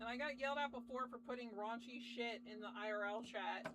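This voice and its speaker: A young woman streamer telling stories in a casual chat, animated, swearing often and laughing between lines. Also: on the high side, brisk.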